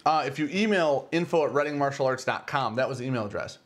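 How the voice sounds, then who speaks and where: A middle-aged man co-hosting a whiskey livestream, loud and jokey, laughing often in casual banter. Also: medium pitch, fast.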